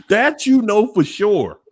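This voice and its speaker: A man's voice: sits high, slightly rough. A man hosting a live question-and-answer talk, speaking emphatically and acting out other people's words. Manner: animated, emphatic, quotes people in voices. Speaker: host.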